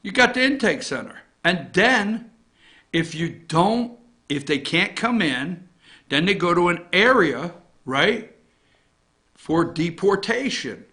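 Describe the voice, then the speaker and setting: Man, morning show host, political rant, outraged shouting, muttered asides, very high pitch. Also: sing-song, slow. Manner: swings between loud outraged shouting and low muttering asides. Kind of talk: ranting political commentary.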